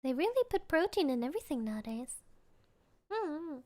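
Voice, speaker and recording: A woman's voice: high voice, very animated, normal speed, mellow. A young woman streamer chatting casually and playfully, giggling as she answers her chat.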